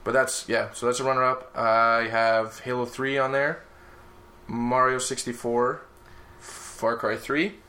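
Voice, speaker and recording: A young man chatting casually with friends, excitable and gushing, swearing freely. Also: mid-range voice, a little slow. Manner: excitable, swears freely, gushes about favorites. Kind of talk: casual chat among friends.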